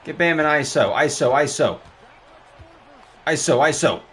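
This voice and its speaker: A young man streaming a basketball video game, talking live over his play, excitable and trash-talking with sudden high yelps. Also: measured pace, husky. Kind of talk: live gameplay commentary.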